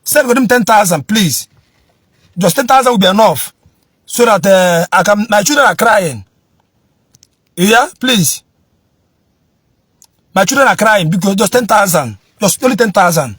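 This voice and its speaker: Nigerian Igbo man, stammering pleader turned preacher, husky high voice, dry close sound. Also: expressive, measured pace, long pauses, fairly bright tone, no room sound. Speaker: social media speaker begging for help, then preaching.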